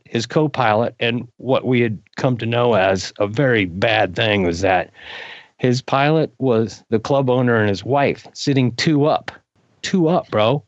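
An older man, a guest in an interview, telling a story in a casual, animated way, his voice jumping up when he gets excited. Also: medium pitch, dry recording. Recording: dull lo-fi recording.

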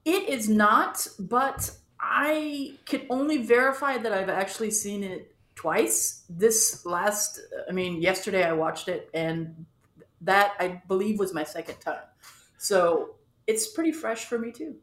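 A woman guest on a podcast, chatting casually in a relaxed, wry way. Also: mid-range voice, unhurried. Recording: echoey room.

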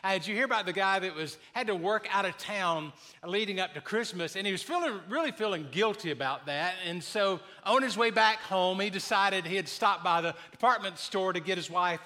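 Bright high-voiced male pastor preaching. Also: lively intonation, normal speed, few pauses. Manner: warm storytelling, builds to emphatic preaching. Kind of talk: sermon with jokes. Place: church sanctuary.

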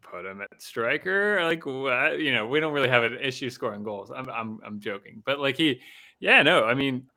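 A man co-hosting a casual sports podcast, animated and joking, often restarting his sentences. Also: medium pitch, normal speed. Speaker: podcast co-host.

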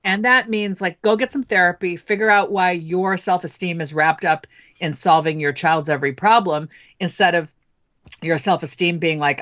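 A middle-aged woman talks frankly as a podcast guest and drifts into reflective stories from her own life. Her voice sits fairly low. The recording is dry and a little dull, with the lo-fi feel of a podcast mic. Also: normal speed, fairly bright tone, no room sound. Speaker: parenting guest. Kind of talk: conversational podcast interview.

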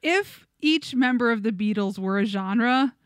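A woman co-hosting a podcast, chatting loosely and breaking into laughter as she reads listener comments and tells stories. Her voice is a little higher than most women's and sounds dry and close. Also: expressive, a little slow, clean tone, dry recording. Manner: laughs often while reading comments and telling stories. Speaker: podcast co-host. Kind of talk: casual comedic chat.

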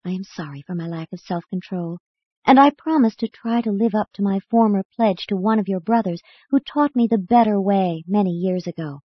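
A woman voicing a hot-tempered grown man turned remorseful, speaking in a halting, apologetic way. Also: medium pitch, slightly rough, no room sound, lo-fi sound, lightly acted.

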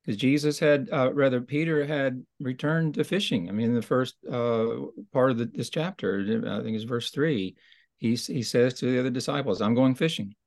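A man's voice: mid-range voice, moderate pace, a little mellow, no room sound. A man teaching in a conversational Bible study discussion, thoughtful and explanatory, often restarting his sentences.

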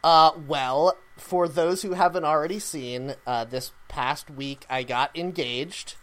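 A man's voice: on the high side, slow pace, fairly bright tone. A man co-hosting a casual chat, talking with many fillers and laughing easily. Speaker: podcast co-host.

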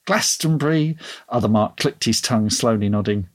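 A man reading his own story aloud in an expressive audiobook style, then chatting casually. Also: medium pitch, fairly quick.

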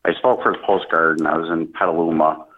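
Low-voiced man on a tinny phone line. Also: steady tone. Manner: earnest, halting, with frequent restarts. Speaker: guest, speaker at military events. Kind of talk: conversational interview.

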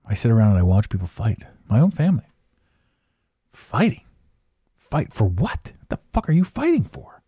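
A man delivers a casual podcast rant, blunt and profane, laughing now and then. His voice swings widely in pitch as he hammers his points home. The sound is dry, with no room echo. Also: huge pitch swings, normal speed, long pauses, warm tone, breathy edge. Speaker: podcast host. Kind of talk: casual ranting monologue.

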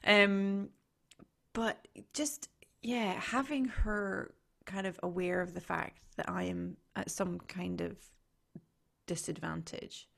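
A woman's voice: lowish voice, fairly even intonation, slow pace, vocal fry, a bit bright. Woman, podcast co-host, casual chat, frequent laughter, swearing, rambling restarts.

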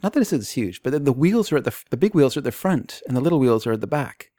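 A man co-hosting a casual podcast, chatty and quick to laugh. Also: mid-range voice, big pitch swings, mellow, dry recording. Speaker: podcast co-host. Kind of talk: casual chat.

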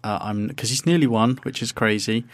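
A man, rambling along as a podcast co-host, often breaking off and restarting his thoughts. His voice sits at a middling pitch and sounds close and dry. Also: brisk, dry recording. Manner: rambling, self-interrupting, chatty. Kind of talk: casual chat.

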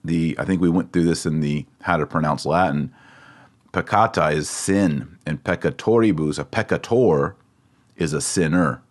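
A man teaching the Latin words of a Catholic prayer in a casual spoken lesson, patiently repeating words slowly to drill their pronunciation. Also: extremely low pitch.

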